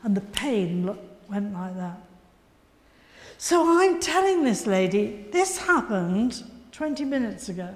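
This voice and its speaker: A woman preacher with a loud, carrying voice gives an earnest testimony sermon, urging her listeners on. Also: mid-range voice, sing-song, slow pace. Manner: earnest storytelling, urgent exhortation. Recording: echoey hall, long reverb.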